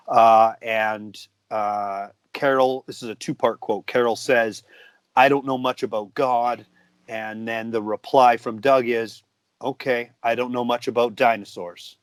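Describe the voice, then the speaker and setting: Male podcast co-host, middle pitch, chatty and quick to laugh, dry sound. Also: dry recording. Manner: laughs often, reads out quotes. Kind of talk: casual movie review chat.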